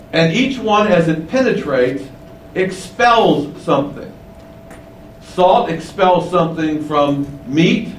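Emphatic preacher, echoey room. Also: male voice, fairly high pitch, distant mic, a little hiss or hum. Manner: slow, emphatic teaching with rising stresses. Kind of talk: sermon.

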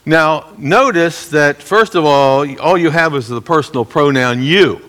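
A middle-aged man teaching a Bible lesson to a congregation, explaining the text in a measured, guiding way. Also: on the high side, a bit bright. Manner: measured, explanatory, guides listeners through the text.

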